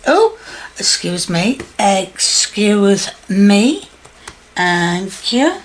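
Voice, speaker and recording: A woman giving slow, chatty step-by-step instructions in a home cooking demonstration. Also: mid-range voice, sing-song. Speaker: home cook.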